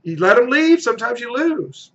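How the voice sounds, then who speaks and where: A man's voice: extremely high pitch, big pitch swings, moderate pace, fairly bright tone, lo-fi sound. A man giving a motivational sales coaching talk. He is emphatic, repeats his key phrases and acts out short role-play exchanges. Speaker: real estate team recruiter.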